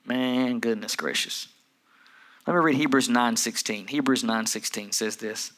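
This pastor speaks at a medium pitch and a slightly slow pace while delivering his sermon. He swings from hushed asides to loud, mounting preaching, narrating stories and voicing different family members along the way.

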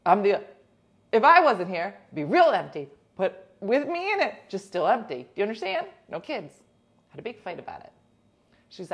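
A woman in casual chat telling animated stories, acting out her friends' lines with swings from loud to hushed. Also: medium pitch, normal speed.

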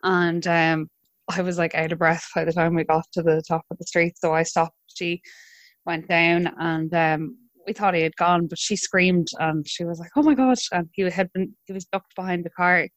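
A young Irish woman in her twenties, telling her own story in a relaxed, chatty way with hesitant restarts. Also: fairly low pitch, moderate pace, no echo. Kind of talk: conversational storytelling.

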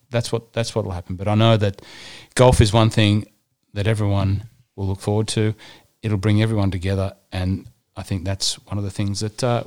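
An Australian man hosting a podcast, chatting in a rambling, friendly way. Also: lowish voice. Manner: warm, rambling, calls the guest mate constantly. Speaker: podcast host. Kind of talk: casual interview chat.

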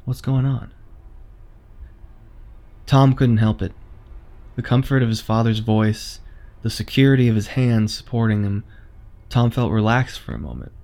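Male horror narrator, measured, suspenseful delivery. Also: fairly low pitch, gravelly, darkish tone.

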